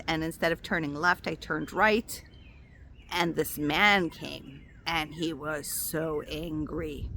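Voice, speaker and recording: A woman speaking as a spiritual coach and intuitive healer, giving a casual motivational talk to her viewers. She is expressive and affectionate, and calls the listener "my love.". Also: sits low, gravelly, slight background noise. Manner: animated and expressive, acts out quoted voices.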